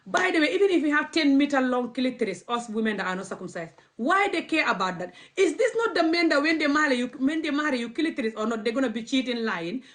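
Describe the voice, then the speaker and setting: A woman's voice: high voice, animated, fast talker, few pauses, a bit bright. A woman vlogger, not a native English speaker, ranting bluntly to camera and repeating her points over and over. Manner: blunt, repetitive, stubborn. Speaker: activist vlogger. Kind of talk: impassioned rant to camera.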